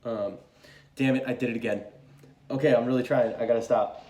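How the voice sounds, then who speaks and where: A young man talks through a tarot reading in a relaxed, rambling way, cursing freely and circling back on his words. His voice sits at an ordinary middle pitch. The sound carries a noticeable room echo. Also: fairly quick. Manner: loose and chatty, swears freely, many fillers. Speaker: tarot reader. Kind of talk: casual spoken tarot reading.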